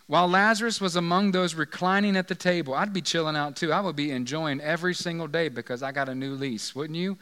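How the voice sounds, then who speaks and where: A male pastor with a fairly high voice delivers a casual sermon. He jokes, checks in with listeners, and keeps things conversational. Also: sharp tone. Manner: conversational, joking, asks audience questions.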